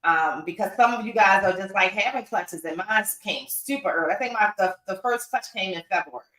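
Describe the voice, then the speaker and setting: A woman co-hosting a casual podcast livestream from home, outspoken and animated, laughing often. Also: medium pitch, a little fast, far from the mic. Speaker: podcast co-host and reptile breeder. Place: room with her animals at home. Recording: echoey room, voice a bit off-mic.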